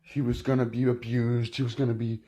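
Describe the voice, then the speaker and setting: Casual male film reviewer, loose and rambling, mid-pitched voice, lots of filler words and restarts. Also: level tone, fairly quick, warm tone.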